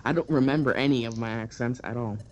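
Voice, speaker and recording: A man co-commentating a game, excitable and making wisecracks. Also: mid-range voice, quick pace, highs cut off, slight background noise.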